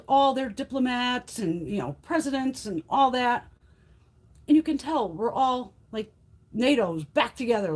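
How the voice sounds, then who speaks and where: A woman in her fifties chatting casually on a live stream, blunt, profane and animated. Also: high-pitched. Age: 50s. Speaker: beauty livestream host.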